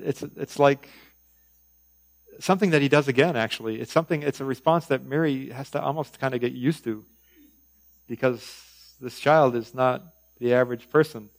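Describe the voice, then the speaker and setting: A man's voice: mid-range voice, moderate pace, poor audio. A male preacher teaching a conversational sermon, with frequent fillers and informal asides.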